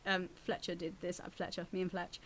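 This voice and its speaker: A woman actress and voice actor, a guest on a radio arts show, telling lively stories about her work. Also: on the low side, a little fast. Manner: lively storyteller, acts out quoted voices. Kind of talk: radio interview chat.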